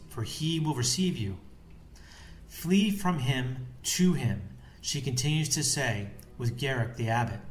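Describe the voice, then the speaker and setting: Brief: solemn male reader of devotional texts, mid-pitched and measured, recorded in a roomy space. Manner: solemn, measured, reads Latin phrases aloud. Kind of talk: scripted devotional reading. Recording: echoey room with faint background hiss.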